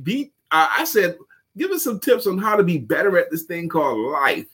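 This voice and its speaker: A man's voice: a little high, big pitch swings, moderate pace, bright, forceful tone, slightly rough. A man co-hosting a casual morning talk show, upbeat and chanting phrases for emphasis. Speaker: co-host.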